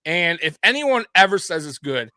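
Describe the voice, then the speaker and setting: A man with a high, sharp and bright voice, talking in a loose casual podcast chat. He rants with energy, swearing and laughing as he goes. The sound is dry and close. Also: normal speed, clear, resonant tone, dry recording. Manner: animated, profane ranting with frequent laughter. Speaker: co-host of a sports podcast.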